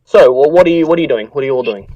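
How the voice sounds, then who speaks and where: A man's voice: mid-range voice, animated, very fast, mellow, no echo, recorded from a distance, highs cut off. A man narrating as game master for a tabletop game, rambling with lots of fillers and casual swearing.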